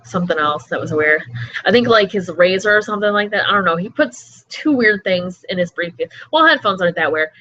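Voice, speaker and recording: A woman's voice: lowish voice, lively intonation, brisk, bright, forceful tone, no room sound. Rambling woman recapping an interview. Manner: rambling, with many fillers like "everything like that". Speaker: wrestling show host. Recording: slightly dull lo-fi audio.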